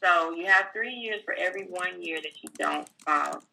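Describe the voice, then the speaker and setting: Lady tax guest, kinda low voice, crackly, talks it through step by step with lots of ums. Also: brisk, gravelly, bright, forceful tone. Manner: plainspoken, explains step by step with fillers. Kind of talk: casual explanatory talk. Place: California.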